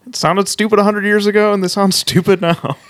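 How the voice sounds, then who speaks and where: A man's voice: high-pitched, fairly even intonation, brisk, a bit bright, a little hiss or hum. A man co-hosting a podcast, recapping a show in casual, joking chat and laughing often. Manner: laughs often, recaps plot with acted quotes.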